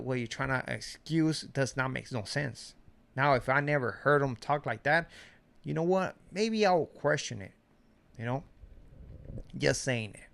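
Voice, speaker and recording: Gravelly blunt man from Mexico. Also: fairly high pitch, fairly bright tone. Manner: blunt, repeats "straight up, man", slangy. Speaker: commentary streamer. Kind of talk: casual commentary monologue.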